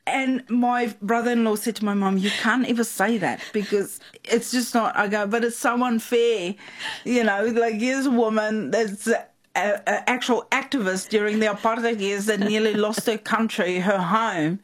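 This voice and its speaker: A woman's voice: mid-range voice, fairly even intonation, moderate pace. South African woman guest, chatty storyteller with lots of fillers. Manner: chatty, laughs often, many fillers. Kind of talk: casual storytelling.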